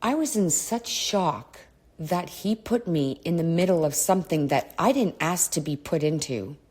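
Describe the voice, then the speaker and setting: A woman's voice: on the low side, animated, moderate pace, a little mellow, slightly rough. Blunt, swearing woman telling her story. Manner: candid and blunt, swears often, digresses. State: clearing her throat often. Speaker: podcast host. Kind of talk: personal storytelling monologue.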